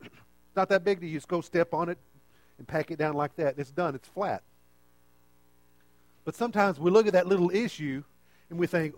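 Guy giving a sermon, kinda high voice, dry close sound, keeps asking okay?. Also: moderate pace, pauses often, a little mellow, no room sound. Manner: conversational, checks in with "okay?" often. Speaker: preacher.

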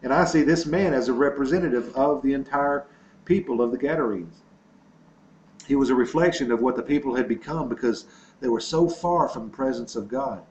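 A man's voice: medium pitch, a little mellow, a little hiss or hum. Man preaching in an echoey, dull-sounding room. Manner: earnest preaching with repetitions and storytelling. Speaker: pastor. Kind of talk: sermon.

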